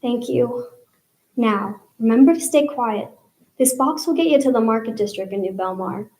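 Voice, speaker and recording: A woman reading aloud and voicing a gruff but motherly older woman cook with a thick put-on brogue and folksy talk. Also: on the high side, normal speed, a little mellow, echoey room, lightly acted. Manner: hollering then cooing, folksy speech with "aye" and "ya".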